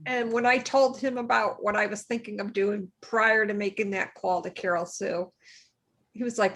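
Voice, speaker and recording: A woman co-hosting a podcast who thanks her guests in a halting way and grows emotional. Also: mid-range voice, steady tone, fairly bright tone. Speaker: podcast co-host. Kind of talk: casual chat.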